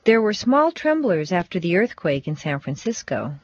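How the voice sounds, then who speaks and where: A woman teaching English pronunciation, reading set phrases and sentences with slow, deliberate, exaggerated stress for learners to repeat. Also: on the low side, big pitch swings, no echo, lo-fi sound. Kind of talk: scripted pronunciation drill.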